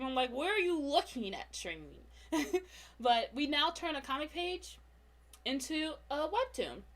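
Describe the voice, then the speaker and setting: A young woman with a high voice walks viewers through her comic work on a casual live stream. She is chatty and self-mocking, laughs often, and talks back to her slow computer while she waits. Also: fairly bright tone. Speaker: comic artist streaming a drawing tutorial.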